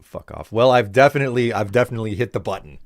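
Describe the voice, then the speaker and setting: A man's voice: lowish voice, quick pace, no room sound. A young man from the Upper Midwest chatting casually and joking while reading his live stream's chat.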